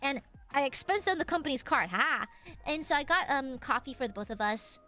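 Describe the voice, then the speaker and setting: High-pitched woman streamer, super animated storytelling, drops f-bombs, faint music behind. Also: a little fast. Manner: animated, acts out the voices in her stories; swears casually, lots of fillers. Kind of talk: casual storytelling chat.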